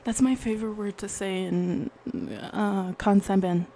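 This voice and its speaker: A woman's voice: mid-range voice, fairly even intonation, measured pace, mellow, low-quality recording. Giggly woman with Minnesota accent. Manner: giggly, laughs often at herself. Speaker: vlogger. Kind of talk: casual accent-challenge vlog.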